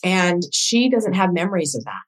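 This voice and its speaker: A woman guest on a podcast, a doula coach, telling a personal story in casual conversation with emotional, animated quoted dialogue. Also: lowish voice, moderate pace, poor audio.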